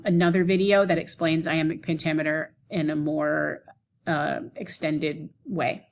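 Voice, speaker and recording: A woman teacher talks through a recorded classroom lesson. Her voice sits a little low, and she explains each point clearly and patiently, sometimes sounding out beats aloud. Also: a little hiss or hum.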